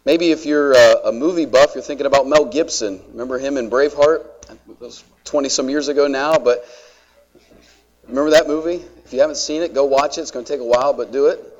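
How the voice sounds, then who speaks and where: A man's voice: medium pitch, brisk, darkish tone, muffled recording. A man preaching a sermon in a conversational way, with joking asides to the congregation. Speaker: pastor.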